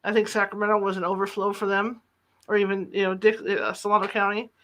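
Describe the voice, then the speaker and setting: Bright, crisp-toned host telling a chatty reporter's anecdote and voicing the quoted lines. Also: medium pitch, little pitch movement, fast talker. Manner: chatty, retells dialogue in quotes. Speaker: podcast host and former reporter. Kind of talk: casual anecdotal storytelling. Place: lives in the Sacramento area.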